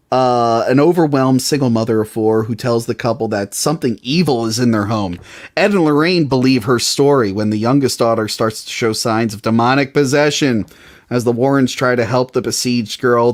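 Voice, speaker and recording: Male podcast co-host with a mid-range voice who talks casually and animatedly. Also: medium pitch. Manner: animated, quick to laugh, lots of "like". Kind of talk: casual chat.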